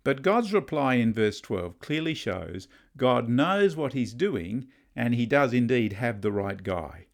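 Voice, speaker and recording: A man's voice: medium pitch, very animated, a little slow, gravelly, few pauses. Middle-aged man preaching conversationally. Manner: conversational, storytelling, humorous asides. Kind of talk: sermon.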